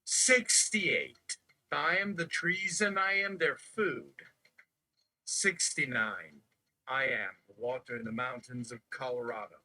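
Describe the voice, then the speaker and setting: A man's voice: mid-range voice, expressive, slow, bright, forceful tone, rough recording. A man on a live stream reciting numbered declarations one after another in a chanting manner. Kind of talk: slow counting recitation.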